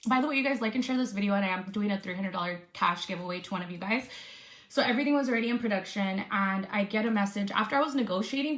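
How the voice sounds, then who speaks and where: A woman influencer telling a storytime vlog, upset and venting with some swearing. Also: mid-range voice. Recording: echoey room.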